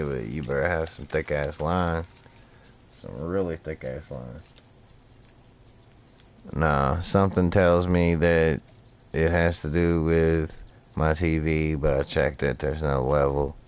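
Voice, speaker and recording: A man's voice: rumbling low, a little hiss or hum. A man streaming a fishing game, telling rambling, profane stories while he plays. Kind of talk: casual gameplay commentary.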